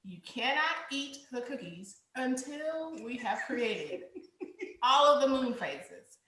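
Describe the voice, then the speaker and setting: A woman co-hosting a podcast, telling a classroom story slowly and expressively. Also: high-pitched, roomy sound, a little hiss or hum. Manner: slow, expressive, laughs through her stories. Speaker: co-host and teacher. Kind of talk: casual storytelling chat.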